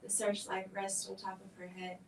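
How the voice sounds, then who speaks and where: A woman gives a measured dramatic reading of a script at a film event. Her delivery stays flat and level throughout. She is heard from a distance in an echoey hall with faint noise behind her. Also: medium pitch. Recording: echoey room, distant mic.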